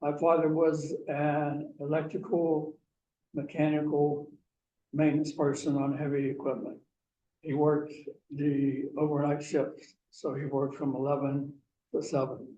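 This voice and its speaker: Slow, mellow man telling a story. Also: on the high side, monotone, highs cut off. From Pennsylvania. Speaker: guest speaker. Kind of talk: personal storytelling talk. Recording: echoey room, mic far off, faint hiss.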